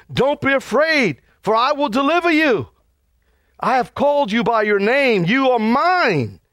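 A man's voice: extremely high pitch, fairly bright tone, no echo. A man preaching a sermon as pastor, urging his congregation with fervent, repeated calls.

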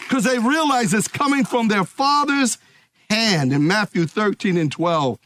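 A man preaching a sermon, emphatic and calling out to his congregation, easing into relaxed stories. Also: high voice, measured pace. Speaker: pastor.

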